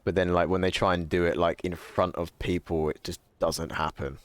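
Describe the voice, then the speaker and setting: A man's voice: sits low, little pitch movement, moderate pace, dry recording. A young man chatting casually on a live stream, rambling, self-correcting and swearing now and then. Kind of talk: casual chat reading stream chat.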